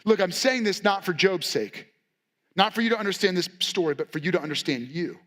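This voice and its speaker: High-voiced male pastor preaching. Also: animated, a little fast, fairly bright tone. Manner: conversational, candid, acts out quotes. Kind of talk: sermon. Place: church.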